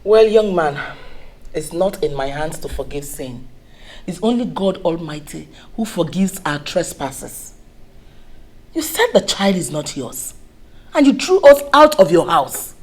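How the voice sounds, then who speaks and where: An actress with a Nigerian accent playing a wary, dignified mother who speaks measured and turns stern. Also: low-pitched, a little mellow, heavily acted, rough recording. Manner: measured, stern when challenged.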